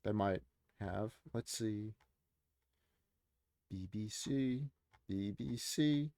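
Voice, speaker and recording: A man's voice: on the low side, very slow, dark tone, no room sound, clean studio sound. A man giving casual, rambling commentary as he reads social media posts aloud, with plenty of fillers. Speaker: commentary streamer.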